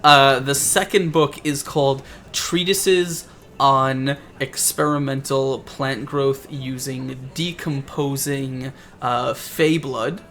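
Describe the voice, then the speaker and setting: A man's voice: medium pitch, fairly even intonation, slow pace, a bit bright. A man narrating as game master for a tabletop game, rambling and searching for words as he describes scenes.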